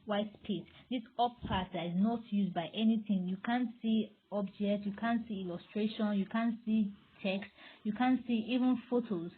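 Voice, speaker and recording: A woman's voice: mid-range voice, moderate pace. A woman teaching graphic design, explaining step by step as she works on screen. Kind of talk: screen-recorded tutorial. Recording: tinny, phone-like audio with faint noise.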